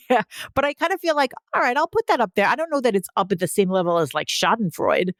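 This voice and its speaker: A woman co-hosting a podcast, chatting in an animated, playful way and laughing often. Her voice sits at a middle pitch for a woman. The recording is dry and close, with no room sound. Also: quick pace, no room sound. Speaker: podcast co-host. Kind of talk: casual chat.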